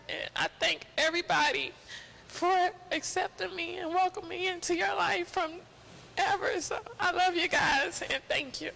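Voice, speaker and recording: A young woman giving an emotional tribute at a funeral, halting and fighting back tears, with many fillers. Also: high-pitched, vocal fry, pushed and bright, rough recording. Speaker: mourner giving a eulogy.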